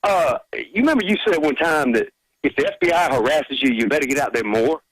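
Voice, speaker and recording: A man's voice: fairly high pitch, animated, brisk, a bit bright, no echo, low-quality recording. A man from Georgia calling in to a radio show, talking casually and hesitantly with many fillers. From Georgia, United States. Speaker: caller. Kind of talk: casual phone-in chat.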